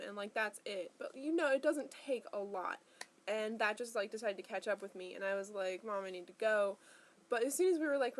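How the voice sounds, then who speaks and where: Chatty young woman rambling about her day. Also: medium pitch. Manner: chatty, rambling, heavy filler use. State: in pain, tired. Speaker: vlogger. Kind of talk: casual personal vlog.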